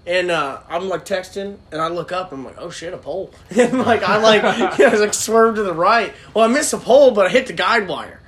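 A man's voice: high voice, lively intonation, fairly quick, few pauses, over a noisy crowd. A young man, a podcast co-host, telling a casual profane story with frequent laughter.

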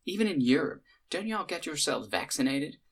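A man voicing a chatty Southern American woman with a put-on Southern drawl, folksy and quick. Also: fairly high pitch, very animated, husky, pitched above the performer's own voice, exaggerated voice. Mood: puzzled.

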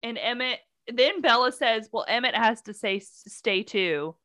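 A woman with a fairly high voice chats casually on a podcast. She retells a story with lively swings in pitch, acting out the characters' lines with sarcastic asides. The sound is dry and close. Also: unhurried, no room sound. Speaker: podcast co-host. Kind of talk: casual chat recapping a book.

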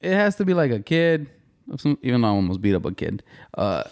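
A man hosting a casual podcast chat, animated and profane, laughing often and mimicking his friends in a high voice. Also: fast talker. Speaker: podcast host.

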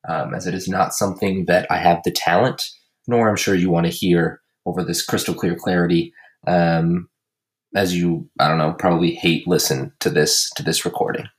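A man hosting a casual comedy podcast, recapping his fantasy league with crude jokes and deadpan roasts. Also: low voice, moderate pace. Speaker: podcast host and league commissioner.

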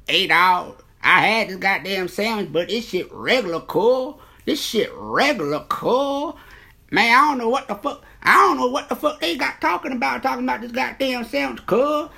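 A man's voice: very high voice, lively intonation, normal speed, creaky, breathy edge, voice pushed up, full character voice. A man putting on an impression of a brash rapper, drawling and repeating himself. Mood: boastful. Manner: loud, drawling, repeating "cool".

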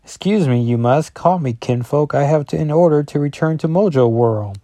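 Brief: a man doing a gloating comic-book werewolf, higher voice, backward phrasing, dry sound. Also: expressive, moderate pace, warm tone, dry recording, lightly acted. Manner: inverted word order. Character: scheming male werewolf pack, odd backward speech.

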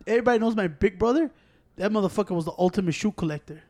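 A man in his forties in casual, profane chat, telling animated stories and acting out what people said. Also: high-pitched, very fast. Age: 40s. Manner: profane, animated storytelling with acted quotes.

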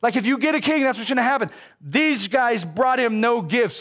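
A man preaching a sermon as a pastor, casual and animated, with slang. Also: very high-pitched, moderate pace.

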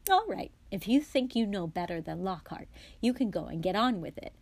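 A woman's voice: mid-range voice, animated, normal speed. A woman reading aloud as a stern middle-aged mother who scolds her sons and fusses over a guest. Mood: scolding. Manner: scolding, snappish, then fond.

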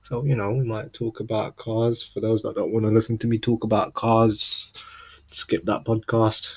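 Young East London bloke, solo podcast host, husky and lowish voice, rambly, slangy, keeps restarting. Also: male voice, little pitch movement, normal speed. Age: young adult. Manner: rambling, self-interrupting, laid-back slang. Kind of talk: solo casual chat.

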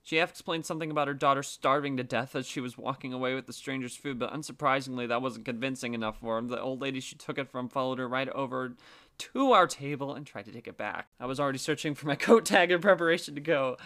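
A man's voice: medium pitch, fast, pushed and bright. A man narrating a story casually, with wry, swearing asides.

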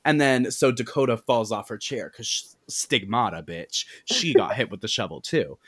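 Man recapping a movie, profane and animated. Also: mid-range voice, normal speed, slightly rough. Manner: animated, profane storytelling with many "like"s. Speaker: podcast host.

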